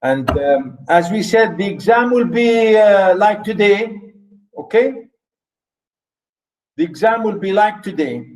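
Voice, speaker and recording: Older man lecturing slowly, emphatic. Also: sits high, expressive, darkish tone, poor audio. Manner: emphatic, repeats phrases, restarts often. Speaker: literature lecturer. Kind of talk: university lecture.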